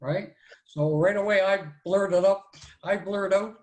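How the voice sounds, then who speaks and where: A man in his 60s, a guest storyteller, recounts a childhood tale live in a folksy, rambling way, tossing in "so anyway" and "right?". His fairly high, slightly mellow voice moves unhurriedly, and the low-quality recording has a roomy sound.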